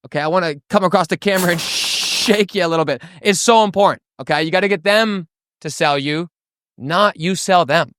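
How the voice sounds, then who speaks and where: A young man coaching sales tonality to camera, animated and acting out the tones he explains. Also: high-pitched, a little fast, smooth. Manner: animated, demonstrates tones with his voice. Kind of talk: energetic teaching to camera.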